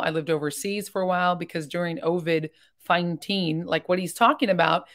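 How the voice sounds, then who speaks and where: A woman hosting a casual livestream, rambling in a chatty way and talking openly and emotionally while reading viewer comments. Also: on the low side. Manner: chatty and rambling, with quick jumps between topics. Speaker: livestream host reacting to videos.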